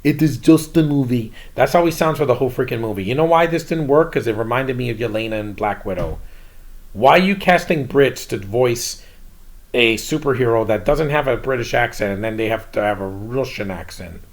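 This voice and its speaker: A man's voice: medium pitch, expressive, a little fast. A man hosting his own channel, giving a casual, blunt and rambling movie review.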